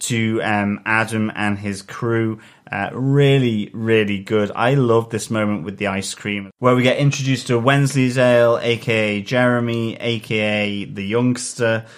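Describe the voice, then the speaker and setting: A man co-hosting a casual podcast, talking haltingly with many fillers and restarts. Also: lowish voice, fairly even intonation. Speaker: podcast co-host.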